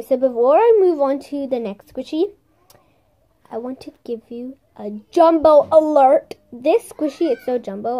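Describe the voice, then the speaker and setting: A woman's voice: high-pitched, dark tone. A young woman chatting casually as she shows off toy squishies and slime, bubbly and playful, sometimes dropping into a whisper and making little sound effects. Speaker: vlogger showing squishies and slime. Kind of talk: casual show-and-tell with ASMR bits.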